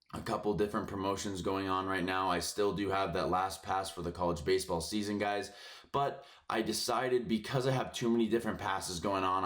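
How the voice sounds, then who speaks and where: A man hosting a sports betting picks channel, ranting casually with lots of cursing, filler words and frustration, a bit hoarse from yelling. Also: low-pitched.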